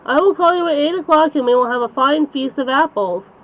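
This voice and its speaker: Woman reader as a crafty hungry wolf, high-pitched, muffled lo-fi take. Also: fairly quick, lightly acted. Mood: coaxing. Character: sly hungry male wolf, later furious. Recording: slightly dull lo-fi recording.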